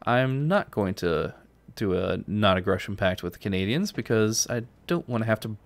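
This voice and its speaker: Here a man from New York speaks in a lowish, animated voice at normal speed while live-streaming a strategy game. Between moves he casually answers chat, keeping up friendly talk with his viewers.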